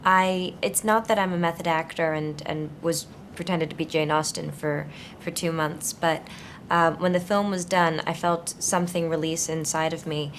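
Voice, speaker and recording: A woman's voice: low-pitched, fairly even intonation, moderate pace, a little hiss or hum. A young actress in her twenties answering interview questions thoughtfully, searching for words with frequent fillers and restarts. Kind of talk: conversational interview.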